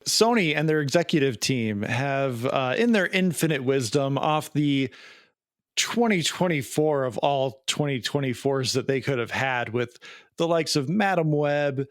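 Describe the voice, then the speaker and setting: A man's voice: medium pitch, expressive, a little slow, dry recording, studio quality. A man co-hosting a podcast in casual chat, rambling and jokey, often laughing. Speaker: podcast co-host.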